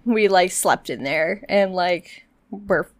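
A woman's voice: fairly low pitch, slow pace. A young married woman co-hosting a podcast in casual chat, rambling and chatty. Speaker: podcast co-host.

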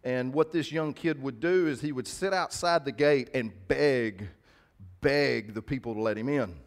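A man's voice: medium pitch, unhurried. Male pastor, mid-range voice, preaching conversationally to his church. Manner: conversational preaching with call-outs to the congregation. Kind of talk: sermon.

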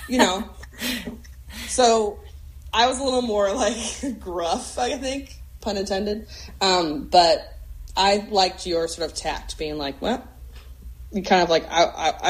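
Woman talking in thoughtful, halting chat. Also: medium pitch, poor audio. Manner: thoughtful, hesitant, many fillers and restarts, laughs easily. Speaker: podcast guest. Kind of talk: casual chat.

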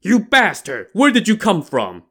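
A man putting on a brawling warrior monk in a spoken storytelling, bellowing high and loud. The monk is blunt and hot-tempered, and his lines come out as roars. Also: very animated, a little slow. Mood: roaring. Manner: roaring, blunt.

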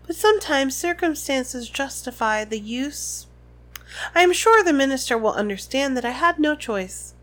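A woman's voice: high-pitched, lively intonation, moderate pace, fairly bright tone. A woman reading a sugary, menacing woman official's lines from a book, prim and falsely sweet.

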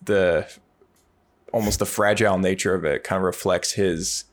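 A man's voice: low-pitched, fairly even intonation, moderate pace. A man co-hosting a casual book discussion, hesitant and repeating words as he thinks aloud. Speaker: podcast co-host.

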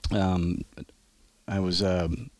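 A man's lowish voice unwinds a long, rambling army story in casual chat, tripping over his own restarts and laughing along the way. The sound is close and dry, with no room around it. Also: little pitch movement, very slow, no echo. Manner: rambling, self-interrupting storyteller who laughs often. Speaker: podcast guest, army veteran.

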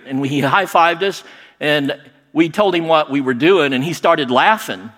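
A middle-aged man telling a personal story in a lively, animated way, acting out other people's lines. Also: a little high, moderate pace. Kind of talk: personal story told to an audience. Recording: long hall reverb.

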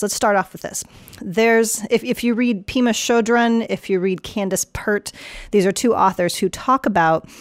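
A woman hosting a health podcast as a chiropractor, talking casually and telling stories with lively energy. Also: mid-range voice, no echo, studio quality. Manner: energetic, animated storytelling.

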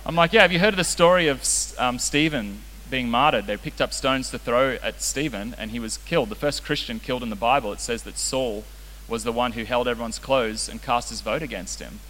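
A man's voice: mid-range voice, a little fast, a bit bright. A young man preaching a casual, joking sermon as a youth pastor. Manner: casual, joking, self-deprecating. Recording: reverberant hall with faint hiss.

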